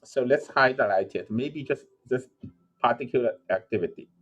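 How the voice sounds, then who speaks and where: In this lo-fi lecture recording, a man with a medium-pitched voice talks at a moderate pace while solving a problem out loud. He fills pauses with "uh," restarts sentences and corrects himself often.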